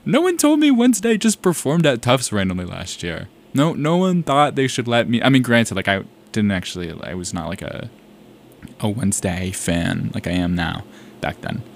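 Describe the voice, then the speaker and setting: A man's voice: lowish voice, very animated, moderate pace, vocal fry, slight background noise. A young man from South Carolina hosting a college radio show, chatting casually in a rambling, self-correcting, enthusiastic way.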